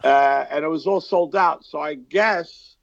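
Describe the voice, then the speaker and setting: Gravelly New York man on a video call. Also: on the high side, dry recording, highs cut off. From the Bronx, New York. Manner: relaxed storyteller with frequent "uh" pauses. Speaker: guest actor. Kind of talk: casual interview chat.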